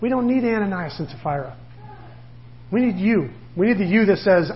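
A middle-aged male pastor gives a sermon in a loose, conversational way, acting out the voices of the people he talks about. His voice sits high for a man. The recording sounds dull and a little lo-fi. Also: animated, normal speed, slight background noise.

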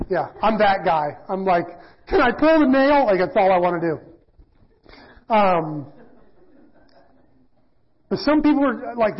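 A middle-aged pastor teaching in a casual, self-deprecating sermon, often acting out quoted voices. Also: male voice, sits high, breathy edge. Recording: dull lo-fi church audio.

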